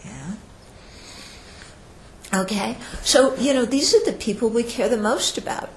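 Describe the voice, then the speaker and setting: A woman teacher giving a dharma talk at an unhurried pace, her voice sitting fairly high. She keeps turning to her listeners with quick check-ins and lively acted-out asides. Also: reverberant, slight background noise, low-quality recording. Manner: conversational, often checks in with the audience by asking "Yeah?"; acts out quoted speech with lively shifts in voice.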